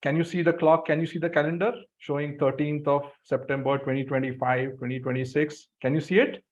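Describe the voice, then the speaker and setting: A man leading a group through a guided visualization exercise, giving slow breathing cues. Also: a little high, level tone. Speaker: workshop facilitator. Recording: dull lo-fi sound.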